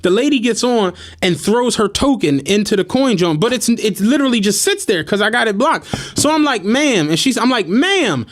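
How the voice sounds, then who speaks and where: High-voiced man telling animated stories. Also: normal speed, hardly any pauses. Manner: animated, laughing, acts out quotes. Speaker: podcast host. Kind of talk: casual storytelling.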